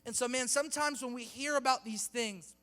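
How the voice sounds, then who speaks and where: A man's voice: extremely high pitch, a little fast, bright, forceful tone, big-room sound. A man preaching a sermon to a youth group, casual and slangy, joking with the crowd between points. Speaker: youth pastor. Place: church hall with youth audience.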